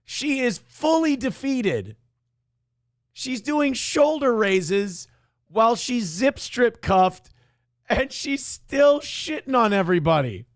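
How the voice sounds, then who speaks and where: A man's voice: very high-pitched, sing-song, takes it slowly, dry recording, studio quality. A man hosting a show, giving sarcastic, joking commentary on a video clip and laughing often. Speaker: show host.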